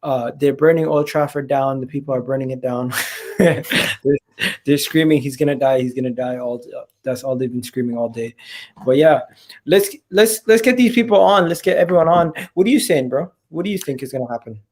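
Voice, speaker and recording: Gravelly-voiced man hosting a football chat. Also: on the high side, normal speed. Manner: excitable, repeats and restarts phrases. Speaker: fan channel host.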